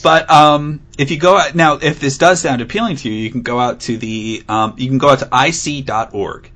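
He's a podcast co-host with a mid-range, fairly bright voice, speaking a touch fast with fairly level intonation. On a relaxed show he reads a news article aloud, frequently laughing, his delivery giggly, amused, and playfully emphatic.

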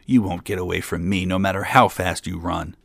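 A man voicing a huge, evil old man with a long beard, speaking slowly and menacingly. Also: deep voice, steady tone, creaky, no room sound. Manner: slow, menacing.

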